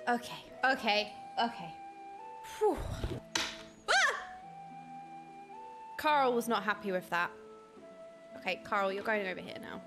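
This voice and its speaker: A young adult woman streaming a game, excitably commenting and reading quest text aloud. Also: medium pitch, slow pace, long pauses, over music. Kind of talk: live gameplay commentary.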